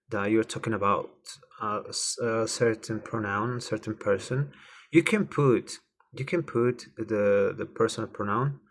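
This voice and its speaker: The man leading this repetitive Spanish lesson has a fairly low, pushed, bright voice. He takes it slowly, spelling words out and going over the same phrases many times.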